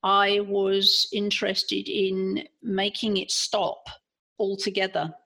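An English-accented woman speaks with a gravelly, slightly husky voice. She tells her story as a podcast guest in a frank, earnest way, circling back and restarting as she thinks aloud. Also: medium pitch, little pitch movement, slow pace, sharp tone. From England. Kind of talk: personal storytelling in an interview.

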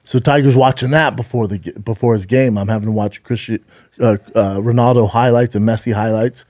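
Man, forties, podcast co-host, animated storyteller, mellow dark tone, dry close sound. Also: mid-range voice, fairly quick, no room sound. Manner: animated storyteller, acts out quotes with swearing. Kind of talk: casual chat.

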